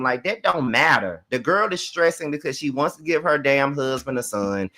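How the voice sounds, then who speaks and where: Bright-voiced man doing chatty recaps. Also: medium pitch, brisk, hardly any pauses. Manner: chatty and profane, with many fillers; animated, swings between loud outbursts and quiet asides. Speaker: TV show reviewer. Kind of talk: casual recap commentary.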